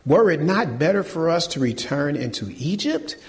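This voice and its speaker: High-voiced animated male preacher. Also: normal speed, long reverb tail. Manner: animated preaching with rhetorical questions; colloquial, addresses congregation as y'all. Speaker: pastor. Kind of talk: sermon. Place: church.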